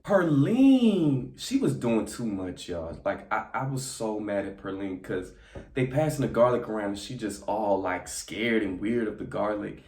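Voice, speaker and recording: A young man casually recapping a movie, acting out the characters' lines in quick voices. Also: fairly low pitch, animated, a little mellow. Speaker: movie reviewer. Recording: echoey room.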